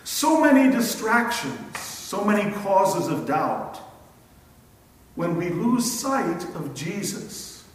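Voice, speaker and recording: Slow-preaching man in an echoey hall. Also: high voice. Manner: slow, emphatic preaching with dramatic pauses. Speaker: pastor. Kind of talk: sermon. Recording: echoey church hall from far off.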